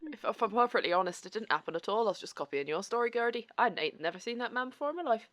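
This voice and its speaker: A woman's voice: fairly high pitch, lively intonation, racing, a bit bright. A woman playing a rambling old miner at the bar. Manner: rambling, accent drifting mid-story. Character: older male miner Jeremy, rambling drinker. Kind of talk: improvised tabletop role-play.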